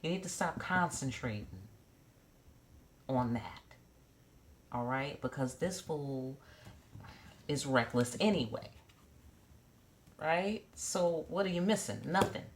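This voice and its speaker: A woman's voice: deep voice, lively intonation, slow, long pauses, a little hiss or hum. A woman giving a casual tarot reading to camera, blunt and profane, with joking asides and repeated check-ins of "okay?". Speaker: tarot reader.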